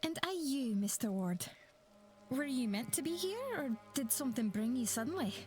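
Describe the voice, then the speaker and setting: An actress voicing a flustered young woman psychic with a Scottish accent, breathy and apologetic, in video game dialogue. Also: high-pitched, animated, moderate pace, a little mellow.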